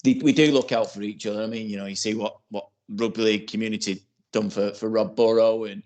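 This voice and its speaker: A man's voice: fairly low pitch, steady tone, fast talker, a little mellow. A man in his forties co-hosting a casual podcast, rambling and filling his talk with "you know" and restarts. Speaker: podcast co-host.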